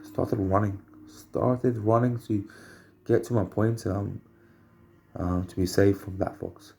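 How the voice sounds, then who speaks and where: A man at home telling rambling personal anecdotes, halting and repeating phrases as he searches for words. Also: fairly low pitch, steady tone, vocal fry, warm tone, slight background noise. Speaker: storyteller.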